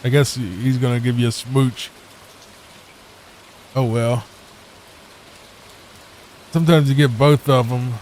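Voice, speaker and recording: Slow, soft-spoken man reading game text. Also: mid-range voice, steady tone, a little hiss or hum. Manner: soft, unhurried, reads on-screen text aloud and adds wry asides. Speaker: gaming channel host. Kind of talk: calm sleep-aid gameplay reading.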